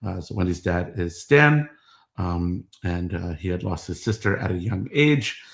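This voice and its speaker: Halting middle-aged man in an echoey room. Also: low voice, expressive, gravelly. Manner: halting, many fillers and restarts. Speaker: father recording family history. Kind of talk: rambling personal monologue.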